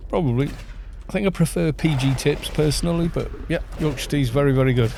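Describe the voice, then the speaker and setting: A man's voice: a little high, quick pace, vocal fry, mellow, slight background noise. Chatty man streaming a game. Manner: rambling, muses aloud and answers chat. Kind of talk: casual live-stream chat while gaming.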